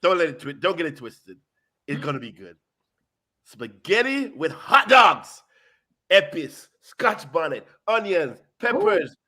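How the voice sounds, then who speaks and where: A man hosting a casual food chat, hyped and talkative, full of "you know" and "boom". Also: very animated, unhurried, bright, forceful tone. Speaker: show host. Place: South Florida.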